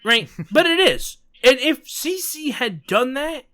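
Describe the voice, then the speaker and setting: A New York man hosting a podcast, his high, bright voice swinging up and down as he talks. He is emphatic and animated, and he throws in sarcastic asides in casual chat. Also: slow pace. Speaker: podcast host.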